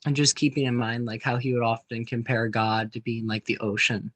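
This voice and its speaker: A man's voice: mid-range voice, little pitch movement, a little fast, a bit bright. A man, a student, sharing a comment in class over a video call, hesitant and full of ums and likes. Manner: hesitant, many ums, likes and sort ofs.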